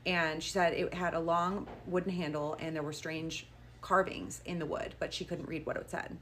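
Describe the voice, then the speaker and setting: A woman's voice: low-pitched, level tone, moderate pace, a bit bright, a little hiss or hum. A young woman casually telling a storytime tale, chatty and full of "like" as she quotes each person. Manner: chatty, quoting people with "like".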